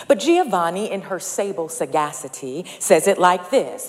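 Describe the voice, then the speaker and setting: A woman's voice: fairly low pitch, animated, normal speed, hardly any pauses. A woman preaching a sermon in a church, speaking in rhetorical, rhythmic repetitions that build in intensity. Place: church sanctuary. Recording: long reverb of a large hall.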